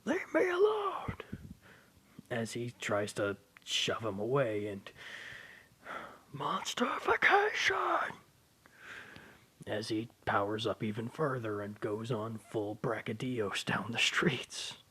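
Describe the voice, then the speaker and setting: A hoarse man with a sore throat casually narrating a fan story in a rambling, loose way. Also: on the low side, flat delivery, unhurried, hardly any pauses, sharp tone.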